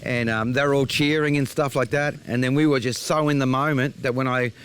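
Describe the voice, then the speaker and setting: A man's voice: mid-range voice, fairly even intonation, a little fast, clean tone. An Australian man, a show host, casually recounting a trip to camera in a rambling storytelling way.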